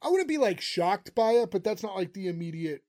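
Man, high voice, podcast recap, chatty, lots of fillers. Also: very animated, a little fast, a little mellow. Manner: chatty, full of "like" and "you know". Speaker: podcast co-host recapping the episode. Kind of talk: casual chat.

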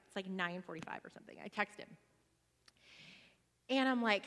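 A woman in her forties telling a personal testimony to a church gathering in a chatty, animated way, with many fillers. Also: mid-range voice, normal speed, long pauses, big-room sound.

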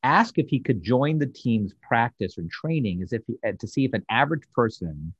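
A man's voice: medium pitch, brisk, husky, no room sound, dull audio. A man hosting a podcast and recapping a TV episode casually, acting out the characters' lines as he tells it. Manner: animated storyteller, acting out quotes. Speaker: podcast host.

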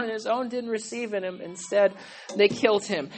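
A woman pastor preaching a sermon in a church, passionate and pleading, often shouting, with a chatty, conversational manner. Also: mid-range voice, fairly even intonation, moderate pace. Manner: impassioned, yelling and pleading; conversational, with frequent "like" and "okay?".

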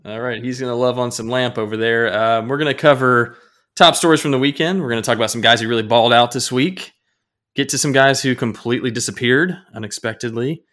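Speaking into a podcast microphone, a man with a mid-range, fairly bright voice co-hosts a casual sports podcast. He keeps things upbeat and jokey with quick banter.

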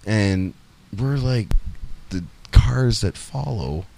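A man co-hosting a podcast, excitable and swearing freely as he tells stories in casual banter. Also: lowish voice, slow pace, gravelly, slight background noise. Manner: excitable, swearing, animated storytelling. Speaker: podcast co-host.

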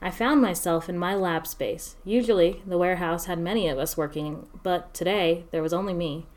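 Woman with a low voice telling a story. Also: normal speed, a little mellow. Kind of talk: first-person story narration.

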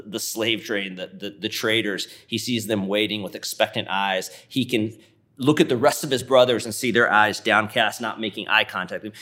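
Male preacher, vivid conversational sermon storyteller, lowish voice. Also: a bit bright. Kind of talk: sermon retelling a scripture story.

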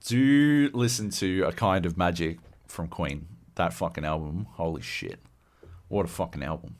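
Deep-voiced and talking at normal speed, a man co-hosting a casual podcast launches into loose, lively rants full of swearing.

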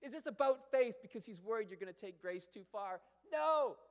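High-voiced preacher in a reverberant hall. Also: male voice, animated, normal speed. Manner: emphatic, rhetorical questions, repeats for effect. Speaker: pastor. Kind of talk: sermon. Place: church sanctuary.

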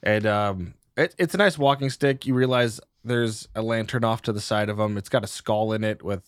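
A man's voice: fairly low pitch, normal speed, no room sound. A man narrating as game master in a tabletop game, joking and stumbling over restarts.

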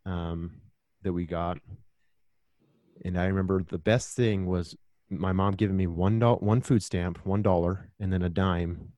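A man's voice: sits low, mellow, dry recording. A man talking earnestly and reflectively as a podcast guest, telling stories from his own life in a casual conversation.

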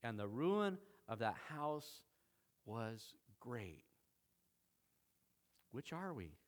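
A man's voice: mid-range voice, big pitch swings, extremely slow. A middle-aged male pastor preaching a sermon, emphatic, with dramatic quoted lines.

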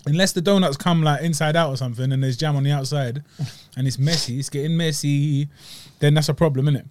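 A young man co-hosts a casual podcast, his voice sitting a little high for a man. He talks in animated, slangy bursts and laughs as he goes. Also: fairly quick, noisy background. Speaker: podcast co-host. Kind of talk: casual chat reviewing desserts.

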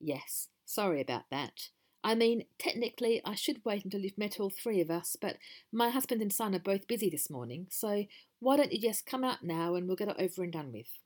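A woman voicing a brisk, sociable mother goat who over-explains and apologises. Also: medium pitch, animated, a little mellow, lightly acted. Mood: chatty.

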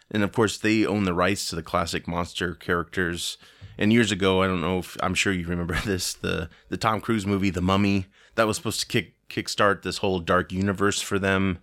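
A man's voice: deep voice, a bit bright, no room sound, clean studio sound. A man in his forties hosting a podcast, chatting in a rambling way and laughing easily. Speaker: podcast host. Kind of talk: casual chat.

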